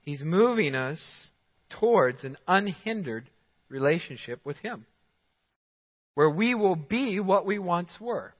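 A man preaching in a big church sanctuary, his fairly high voice ringing with a long echo around the room. He speaks slowly and deliberately, pressing his points with short, punchy commands. The sound is a little dull and muffled. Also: animated. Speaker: pastor. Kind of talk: sermon. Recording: dull sound in a large hall with long reverb.

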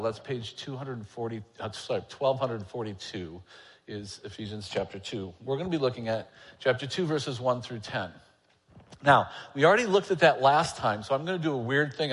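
A man's voice: medium pitch, big-room sound. A man, an elder preaching a sermon, talking candidly and conversationally with a self-deprecating manner. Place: church sanctuary.

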